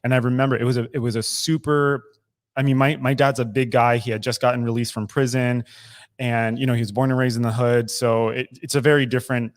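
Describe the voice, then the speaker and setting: Candid man in his thirties, mid-pitched. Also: flat delivery, a little fast. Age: 30s. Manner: candid and emotional, with frequent restarts and swearing. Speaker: podcast co-host. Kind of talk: casual recovery podcast talk. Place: recovery club room.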